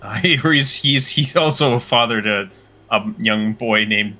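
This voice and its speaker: Bright, halting man in a casual chat. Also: on the low side. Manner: halting, laughs often, many fillers. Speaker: co-host of a reaction show. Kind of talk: casual chat, reaction commentary.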